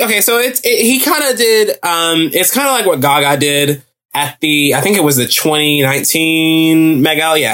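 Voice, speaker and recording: A podcast host reviews something solo in a casual, gushing chat, full of fillers, restarts and repeated phrases. When he gets excited, his pitch jumps around lively.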